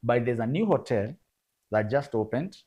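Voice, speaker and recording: A man's voice: medium pitch, expressive, moderate pace, mellow. A man speaking as a guest photographer in a casual interview, emphatic and repetitive, calling the listener bro. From Kenya. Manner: emphatic, repeats words, addresses listener as bro.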